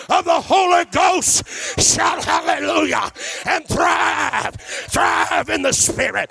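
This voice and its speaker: A middle-aged man preaching a shouted revival sermon, chanting and calling for responses. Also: very high-pitched, creaky. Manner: chanting, call-and-response, rhythmic repetition. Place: church or campus meeting hall.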